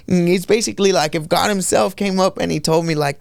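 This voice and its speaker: A young man with a gravelly voice tells his personal testimony in animated storytelling, his voice jumping up when he quotes himself. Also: high-pitched, a little fast, hardly any pauses, no room sound. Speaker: podcast guest sharing testimony.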